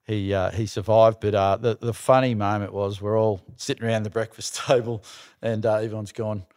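A man's voice: on the low side, little pitch movement, normal speed, darkish tone, no room sound, studio quality. A middle-aged Australian man, a podcast guest, telling stories in casual chat, laughing often and swearing easily. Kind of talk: casual storytelling.

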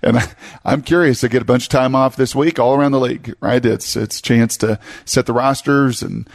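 A man's voice: mid-range voice, steady tone, brisk, vocal fry. A middle-aged man co-hosting sports talk, making emphatic points and repeating words as he builds them. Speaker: sports radio co-host. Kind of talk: casual chat.

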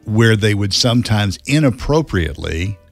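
A man co-hosting a casual chat, giving calm, supportive replies. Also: fairly low pitch, moderate pace, creaky, soft background music. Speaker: co-host.

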